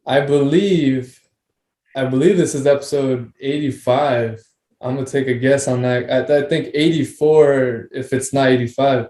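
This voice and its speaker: A man hosts a loose, casual podcast, rambling through his thoughts and tossing in swear words. His voice is mellow and dark in tone. It rings a bit in an echoey room. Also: mid-range voice, fairly even intonation, unhurried. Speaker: podcast host.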